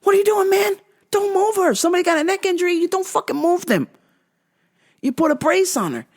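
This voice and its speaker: A woman's voice: very high voice, animated, a little fast, pitched above the performer's own voice. A woman imitating her outraged mother, who scolds a medic at the top of her voice. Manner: shouting, scolding.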